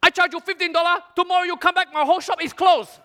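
A theatrical, wheedling market stall seller, as a man puts him on haggles in broken English. He sounds high and bright. The voice rings with long hall reverb. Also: steady tone, fast. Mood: protesting. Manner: broken English, dramatic pleading.

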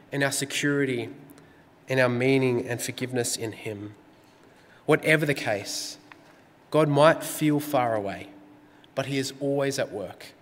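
A male pastor giving an earnest, measured sermon in a church. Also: mid-range voice, a bit bright. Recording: church hall reverb.

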